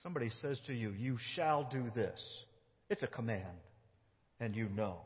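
A man with an American accent preaching a sermon as pastor, swinging from loud emphasis to soft, quiet phrases. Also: medium pitch, lively intonation, moderate pace, big-room sound, dull audio. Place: church sanctuary.

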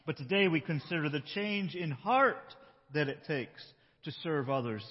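A man pastor preaching a sermon in a conversational tone, slowing down for emphasis. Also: fairly high pitch, expressive, big-room sound, highs cut off, a little hiss or hum. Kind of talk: sermon with a storytelling opening.

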